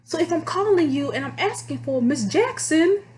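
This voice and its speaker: A woman casually telling stories about her phone job to her viewers, chatty and animated. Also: very high-pitched, moderate pace, slight background noise. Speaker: vlogger telling call-center stories. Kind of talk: casual storytelling to camera.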